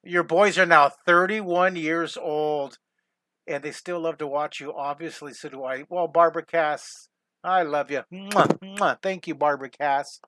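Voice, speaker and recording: A man's voice: a little high, fairly even intonation, a little slow, bright, forceful tone. A middle-aged man teaching a live drawing lesson, enthusiastic and rambling as he talks through each step and chats with viewers. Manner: enthusiastic, rambling, reads viewer comments aloud. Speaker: drawing instructor.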